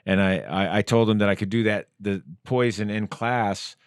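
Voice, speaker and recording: Animated low-voiced male podcast host. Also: moderate pace, clean tone, dry recording, studio quality. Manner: animated storyteller who reads text messages aloud. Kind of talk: casual storytelling chat. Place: podcast studio.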